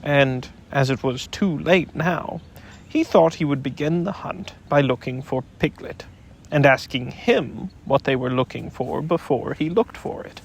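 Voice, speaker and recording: A man reading a children's book aloud in gentle, unhurried storybook narration. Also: fairly high pitch, slight background noise. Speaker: audiobook narrator.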